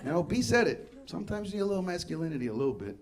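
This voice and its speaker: A comedian from Queens, New York, performs a brash, profane stand-up set on a club stage, acting out dialogue as the crowd laughs in the live recording. His voice is a little high, sing-song, and very fast.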